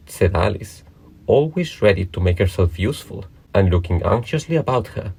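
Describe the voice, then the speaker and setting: A man narrating a children's classic aloud in a measured, plain reading voice. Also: sits low, very animated, gravelly, darkish tone, husky.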